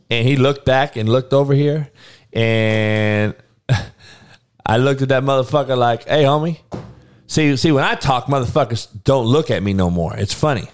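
Male host mid-rant: irritated, cursing, blunt, heated street-talk delivery at a mid pitch. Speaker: show host. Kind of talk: ranting monologue.

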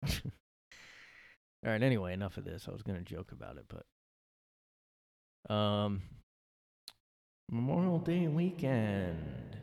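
A man's voice: lowish voice, sing-song, takes it slowly, creaky, pauses often, darkish tone, no echo. Sarcastic ranting man, dry close sound. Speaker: solo podcast host. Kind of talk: casual ranting monologue. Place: his room at home.

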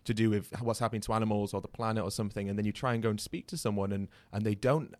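A British man hosting a podcast, talking quickly and thoughtfully in casual chat. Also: on the low side, steady tone, darkish tone, no room sound. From Britain. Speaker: podcast host.

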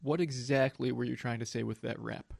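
A man's voice: mid-range voice, steady tone, a little fast, creaky, a little mellow, dry recording. A man co-hosting a podcast, tossing dry sardonic quips in casual chat. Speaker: podcast co-host.

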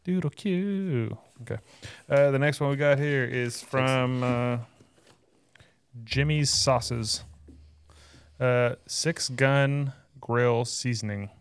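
A man's voice: mid-range voice, fairly even intonation, slow, clear, resonant tone. A man hosting a barbecue podcast, chatting casually in a rambling, easygoing way. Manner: rambling, easygoing, many fillers. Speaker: podcast host. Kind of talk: casual chat.

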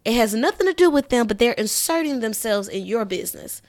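A woman hosting a solo podcast in casual chat, emphatic and conversational, often checking in with "you know what I'm saying" and jumping up in pitch when she acts out reactions. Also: a little fast. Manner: animated, raises pitch when acting out reactions. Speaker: podcast host.

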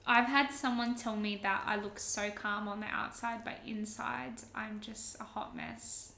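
A woman's voice: mid-range voice, fairly even intonation, measured pace, vocal fry, sharp tone, a little hiss or hum. A woman, a wedding planner and stylist, answering questions agreeably as a podcast guest. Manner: agreeable, thoughtful answers with fillers. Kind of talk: casual chat. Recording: roomy echo.

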